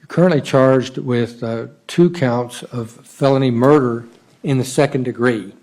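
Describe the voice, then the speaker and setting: A man's voice: mid-range voice, a little mellow, low-quality recording. Man formally reading out court charges. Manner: formal, deliberate, with hesitations. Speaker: judge.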